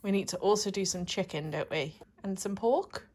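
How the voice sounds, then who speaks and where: Chatty mum vlogging at home. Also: female voice, medium pitch, fairly quick, a little mellow. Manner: chatty, thinks aloud, sing-song baby talk to her daughter. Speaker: vlogger, young mother. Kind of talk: casual vlog chat to camera.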